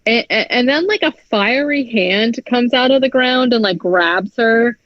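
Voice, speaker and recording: A woman's voice: on the high side, a little slow, dry recording. A woman co-hosting a podcast who recaps a movie in casual chat, talking with heavy "like" filler and frequent swearing. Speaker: podcast co-host. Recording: dry, dull lo-fi podcast audio.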